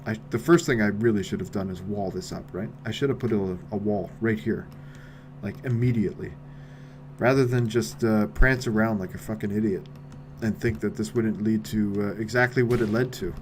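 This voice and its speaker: A man commentating his own game play with wry remarks, dropping to mutters and then shouting. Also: on the low side, moderate pace, a little hiss or hum. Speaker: streamer.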